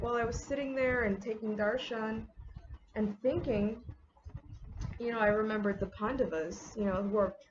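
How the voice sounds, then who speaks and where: A woman's voice: medium pitch, a little hiss or hum. Young adult woman, casual vlogger, rambling and filler-heavy, faint background ambience. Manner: chatty, many "like"s and "um"s. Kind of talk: casual get-ready-with-me talk. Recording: slightly dull audio with faint ambience.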